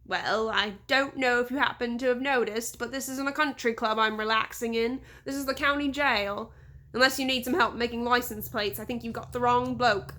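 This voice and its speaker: Brief: cheeky rogue in a cell, slow, wry, slightly lowered, read by a woman. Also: fairly even intonation, pushed and bright. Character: roguish young Englishman in jail, smirking.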